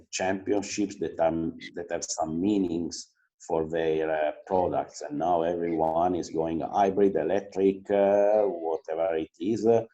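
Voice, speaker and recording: A man, a motorsport team principal, answering interview questions earnestly, pausing often with fillers. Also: deep voice, warm tone, highs cut off. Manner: earnest, halting, many filler pauses.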